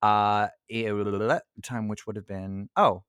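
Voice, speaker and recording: A man's voice: fairly low pitch, steady tone, slow, a bit bright, clear, resonant tone, no room sound, clean studio sound. A young man hosting a podcast in casual chat, rambling with lots of fillers and self-corrections and laughing often. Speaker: podcast host.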